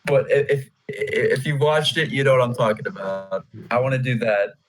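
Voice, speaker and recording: A man's voice: mid-range voice, normal speed, over music, low-quality recording. A young man co-hosting a casual podcast, jokey and stumbling over his words. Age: teens or young adult. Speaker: podcast co-host. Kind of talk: casual chat.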